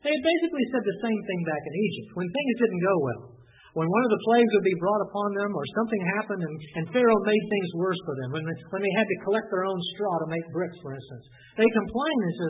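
A man preaching an earnest sermon with a high voice, heard from a distance. The sound is thin and phone-like with a faint hiss behind him. He reads scripture and poses rhetorical questions to his listeners. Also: animated, fast talker. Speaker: pastor.

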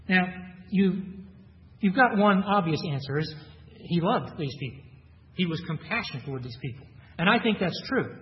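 A man with a high voice delivers an earnest sermon, reading verses aloud and then unpacking them. The sound is muffled, with long reverb from a large church hall. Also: expressive, moderate pace, long pauses. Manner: earnest, reads scripture aloud then explains it. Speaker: preacher. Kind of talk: expository sermon.

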